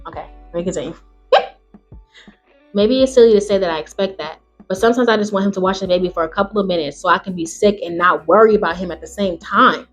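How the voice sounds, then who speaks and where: A woman host reading online stories aloud in a quieter voice, then breaking into loud, exclamatory rants full of swearing. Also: medium pitch, fast talker, faint music behind. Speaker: channel host.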